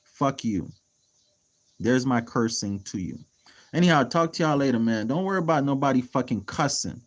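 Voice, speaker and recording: Speaking fairly quickly in an expressive, mid-range voice, a man mentors viewers on real estate over a casual livestream. His delivery is blunt and full of profanity, breaking out in bursts of heated ranting.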